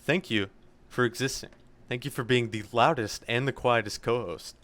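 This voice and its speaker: A man's voice: medium pitch, normal speed, a bit bright, no echo. A young man co-hosting a podcast, giving rambling, jokey thank-yous to listeners. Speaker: podcast co-host. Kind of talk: casual chat, listener shout-outs.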